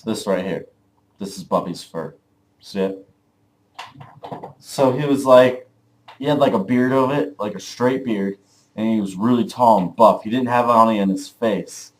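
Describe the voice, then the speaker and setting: A young man vlogging, telling a dream story casually, rambling with lots of "like" and swearing. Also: on the low side. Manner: rambling, full of "like", profane.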